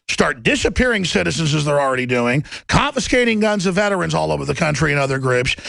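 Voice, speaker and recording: A middle-aged man hosting a talk radio show, ranting sarcastically and mocking his critics, often bursting into shouts. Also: fairly high pitch, gravelly, no echo.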